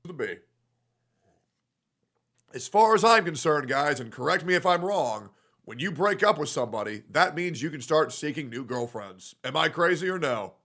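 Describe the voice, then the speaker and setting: A man's voice: a little high, expressive, normal speed, a bit bright. A man streaming in a casual livestream, talking in a brash, profane, repetitive way.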